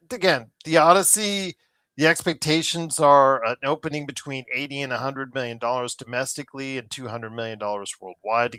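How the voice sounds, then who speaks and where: A man's voice: medium pitch, a bit bright, smooth, dry recording. A man co-hosting a casual podcast over a call, talking in a rambling way with many fillers and restarts, tired of online controversies. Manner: exasperated about controversies. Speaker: podcast co-host. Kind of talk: casual chat. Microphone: remote call mic.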